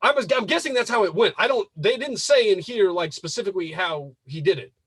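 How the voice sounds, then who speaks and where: A husky man with a dry, close sound, hosting a live advice show. His voice sits high and swings widely as he swears and works himself into disbelief. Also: fairly quick, dry recording. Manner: animated, swearing, rising to incredulous outbursts. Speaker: podcast host. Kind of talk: casual live show commentary.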